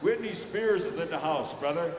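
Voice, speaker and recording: A man working as pow wow announcer, briskly giving instructions to drum groups and judges over a microphone in a large indoor arena. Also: a little high, animated, background noise. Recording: echoey arena PA from far off.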